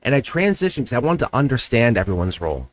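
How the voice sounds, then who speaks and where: Quick and mid-range, with big swings in pitch, this tarot reader's voice is captured dry. He hosts his livestream chattily, offering encouragement and laughing a great deal.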